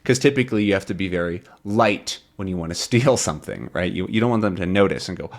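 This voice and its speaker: Animated male English teacher. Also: sits low, quick pace. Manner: patient, explains words with everyday examples; animated voice, jumps into acted quotes. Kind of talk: language lesson explaining a comic.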